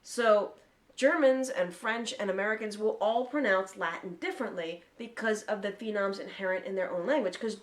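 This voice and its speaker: A woman's voice: mid-range voice, normal speed. Chatty, swearing woman podcast host. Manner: lively, chatty, swears freely, explains at length. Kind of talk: casual chat.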